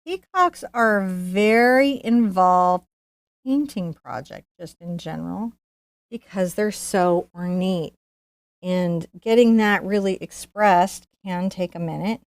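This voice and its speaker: A woman's voice: on the low side, slow, no echo, studio quality. A woman teaching a live painting lesson, jittery and laughing nervously. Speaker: painting instructor. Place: art studio.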